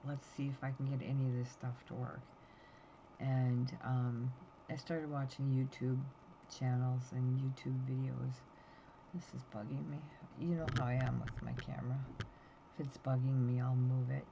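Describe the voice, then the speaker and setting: A woman's voice: rumbling low, level tone, moderate pace, vocal fry. Tired fifty-something lady rambling anxiously to her phone cam, faint hiss behind. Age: 50s. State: tired, yawning. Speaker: vlogger. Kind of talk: casual chat to camera. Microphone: phone camera. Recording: dull lo-fi sound with faint noise.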